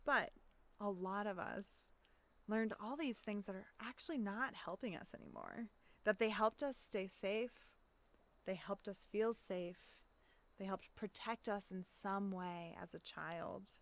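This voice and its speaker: Reflective woman coach, audible deep breaths. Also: big pitch swings, a little slow. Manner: reflective, often asks "right?" and takes audible deep breaths; acts out inner voices in quotes. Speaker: life coach. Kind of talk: casual self-help monologue.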